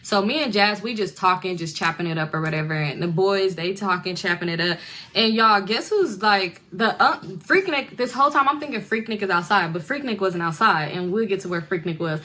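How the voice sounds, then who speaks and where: A bright-voiced young woman rambles through a casual storytime. She talks in slang and drops into other people's voices as she quotes them. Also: medium pitch, a little fast. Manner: chatty, slangy, acts out voices of relatives. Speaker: storyteller in a reacted video.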